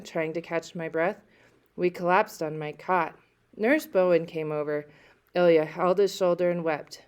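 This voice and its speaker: A woman teacher reading a novel aloud to students and pausing to discuss it, checking in as she goes. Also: low voice, steady tone, a little mellow, clear, resonant tone.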